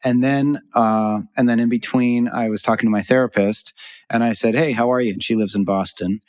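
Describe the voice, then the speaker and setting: A man talking casually on a podcast, winding through an anecdote and often doubling back on his words. His voice sits in an ordinary middle pitch. He sounds conversational, not scripted. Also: steady tone, moderate pace, a little mellow. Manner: rambling, self-interrupting storyteller. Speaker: podcast host.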